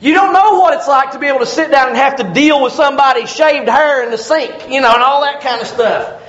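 A man preaching a sermon as pastor, animated and joking, acting out little voices as he goes. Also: extremely high pitch, brisk. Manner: animated, jokes and acts out voices. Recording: echoey room, dull lo-fi sound.

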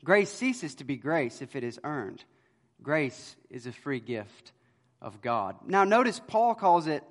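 A pastor delivers an earnest sermon, his fairly high voice swelling loud on key words and then falling to a hush. His words carry a long reverb that rings through a church sanctuary.

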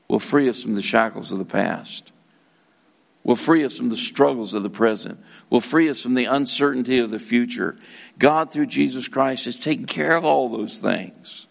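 Man, middle-aged, pastor, earnest sermon, gravelly voice, emphatic repetition. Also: mid-range voice. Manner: addresses listeners as folks, occasional restarts.

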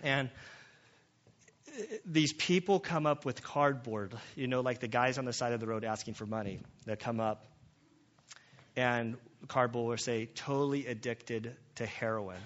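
A man in his thirties or forties, medium-pitched and fairly bright in tone, speaks at a measured pace while preaching a conversational sermon as a pastor. He tells family stories, quoting dialogue, and the recording sounds slightly dull and lo-fi.

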